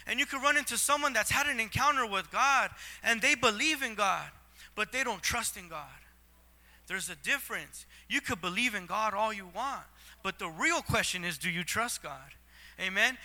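A male pastor preaching a sermon, often asking "Amen?" and building to loud, fervent passages. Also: high-pitched, normal speed, soft background music.

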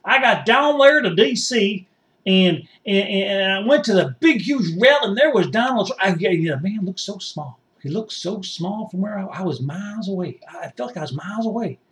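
A rambling, fired-up country rioter. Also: male voice, high-pitched, expressive, normal speed, fairly bright tone, far from the mic. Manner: rambling, boastful, folksy. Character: excitable folksy rural male rioter, rambling. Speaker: interview guest. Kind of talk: satirical mock interview.

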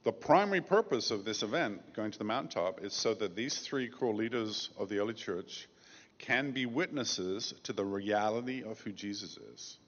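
A man preaching a sermon as pastor, measured and emphatic, slowing down to stress key phrases. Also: fairly low pitch, expressive. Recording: dull lo-fi sound with long reverb.

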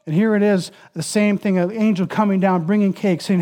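A man's voice: sits high, steady tone, a little fast, hardly any pauses, mellow. A man preaching a sermon in an earnest, emphatic way.

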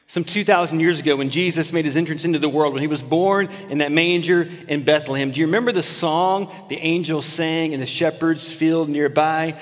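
A man preaching a sermon, telling stories with animated highs and dropping to a hushed, intimate voice. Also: fairly quick, hardly any pauses. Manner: storytelling, swings from animated to hushed. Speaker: pastor. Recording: long hall reverb.

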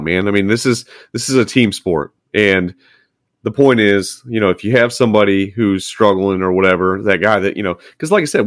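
Earnest low-voiced firefighter. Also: male voice, dry recording, studio quality. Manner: earnest, encouraging, many restarts. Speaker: firefighter podcast guest. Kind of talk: casual podcast chat.

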